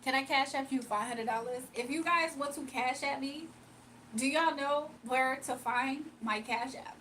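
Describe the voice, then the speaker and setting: A woman's voice: high-pitched, normal speed, bright, forceful tone, a little hiss or hum, poor audio. A young woman hosting a casual livestream, chatting playfully with viewers, reading comments aloud and laughing often. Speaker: livestream host.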